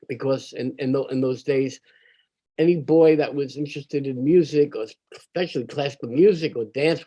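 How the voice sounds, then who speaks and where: An older man telling a personal childhood story in an animated, conversational way. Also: medium pitch. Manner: animated, conversational, acts out quoted voices.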